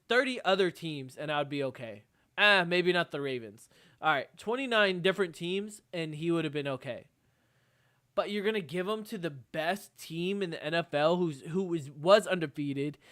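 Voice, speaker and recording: A man's voice: high voice, a bit bright, no echo, clean studio sound. Heated, profane man ranting on a podcast. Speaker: podcast co-host. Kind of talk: casual sports podcast rant.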